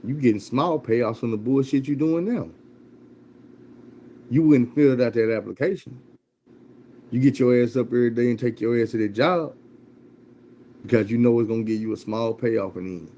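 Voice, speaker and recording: A man's voice: mid-range voice, moderate pace, pauses often, dark tone, highs cut off, a little hiss or hum. A man telling a motivational story in a blunt, profane, repetitive way.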